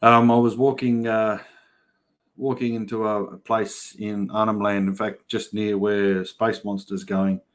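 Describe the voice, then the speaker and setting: A man's voice: on the low side, little pitch movement, measured pace. Australian man yarning on a livestream. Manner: chatty, yarning storyteller. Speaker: livestream host. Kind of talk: casual livestream chat reading comments.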